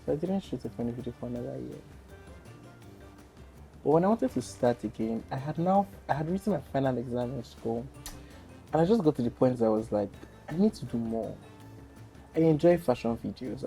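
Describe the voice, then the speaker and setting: Chatty young Nigerian man, mellow voice. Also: mid-range voice. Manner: animated, chatty, laughs easily. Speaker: podcast guest, content creator. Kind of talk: casual storytelling interview.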